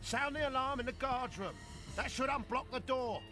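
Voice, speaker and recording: An actor playing a brisk, commanding male prison guard chief. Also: extremely high pitch, music in the background.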